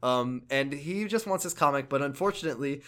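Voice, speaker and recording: A man co-hosting a casual chat, recapping a video game with excited, gushing enthusiasm and frequent stammered restarts. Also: medium pitch, fairly quick. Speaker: podcast co-host.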